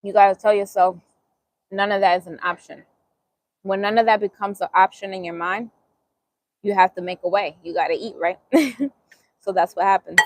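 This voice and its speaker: A woman's voice: mid-range voice, steady tone, normal speed, long pauses, dry recording. A woman with a Bronx New York accent chatting casually on a live stream while eating, answering viewers' comments and laughing easily. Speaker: vegan cooking channel host.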